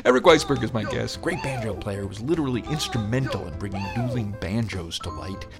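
A man's voice: fairly low pitch, a little fast. A male podcast host and ventriloquist with a mid-range voice that moves around a lot. He cracks puns and plays the dry straight man, over faint music in the background. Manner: jokey, punning, deadpan straight man. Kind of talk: comedy podcast banter.

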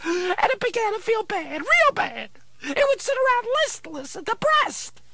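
Squeaky, gravelly, cranky dummy therapist. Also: male voice, sing-song, a little slow, sharp tone, no room sound, heavily acted. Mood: deadpan. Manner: gruff, impatient and sarcastic. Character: cranky male dummy posing as vegetable therapist. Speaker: ventriloquist's dummy. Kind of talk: ventriloquist comedy routine.

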